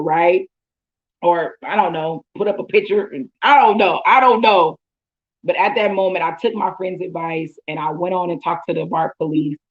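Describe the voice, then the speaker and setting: A woman's voice: on the low side, muffled recording. A woman host, telling her own story in casual talk and acting out her thoughts in quotes.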